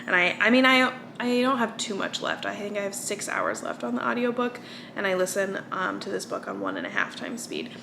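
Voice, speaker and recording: A woman's voice: medium pitch, big pitch swings, a little fast, gravelly, background noise. Tired, chatty American woman vlogger. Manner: rambling, with fillers and restarts. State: tired from little sleep. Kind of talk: casual chat.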